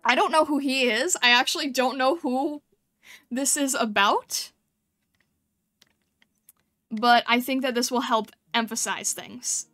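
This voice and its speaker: Woman, high clear voice, bubbly, livestream art critique, greets chat, faint music behind. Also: a little slow, long pauses, bright, forceful tone, no room sound. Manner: bubbly and chatty, greets chat, thinks aloud while working. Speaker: streamer giving thumbnail critiques. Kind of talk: casual livestream chat while drawing.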